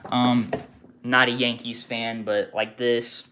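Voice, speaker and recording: A young man casually ranting about his retail job, swearing freely and mimicking customers with sudden shouts. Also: medium pitch, flat delivery, takes it slowly, noisy background. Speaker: retail worker telling customer stories. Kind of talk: casual storytime rant.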